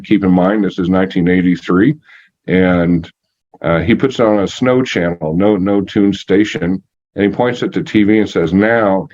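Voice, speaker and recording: A man in his sixties telling a story from his life as an interview guest, halting with many fillers and matter-of-fact. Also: sits low, a little mellow. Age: 60s. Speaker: energy healer guest. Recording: muffled lo-fi audio.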